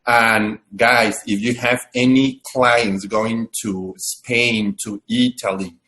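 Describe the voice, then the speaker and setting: A man's voice: on the low side, steady tone, slow pace, sharp tone. A man hosting a live video-call webinar, talking with effusive enthusiasm and frequent restarts. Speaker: webinar host.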